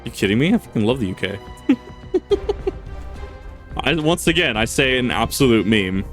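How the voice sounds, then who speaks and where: A man's voice: medium pitch, animated, normal speed, fairly bright tone, faint music behind. A man casually commenting while playing a video game, rambling, joking, laughing often and swearing. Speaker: gaming channel host. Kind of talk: casual let's-play commentary.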